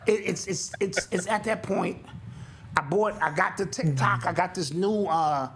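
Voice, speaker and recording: An older man co-hosting a podcast in casual chat, telling stories in an animated way and acting out sounds and quotes. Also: high voice, unhurried, background noise. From United States. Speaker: podcast co-host.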